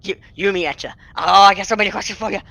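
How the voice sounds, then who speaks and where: A game master voicing an excitable young half-elf woman who gasps, squeals and gushes in a rush during a tabletop game. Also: mid-range voice, no room sound. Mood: giddy. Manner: gushing, breathless, rapid gasps and squeals. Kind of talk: tabletop role-play character voice.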